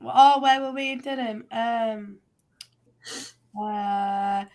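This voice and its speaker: A Yorkshire woman chats in an easygoing way and breaks into laughter often. Her voice sits high and she talks unhurriedly, taking her time over each phrase. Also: very slow, darkish tone. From Yorkshire, England. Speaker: guest psychic medium. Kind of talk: casual chat.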